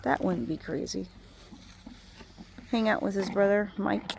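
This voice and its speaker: Lady cooing at a cow outside, gravelly voice, bit of outdoor hiss. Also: mid-range voice, fairly even intonation, a little slow. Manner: sing-song baby talk to a cow, drifting into soft musings. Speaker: animal lover talking to a cow. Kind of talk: rambling talk to an animal.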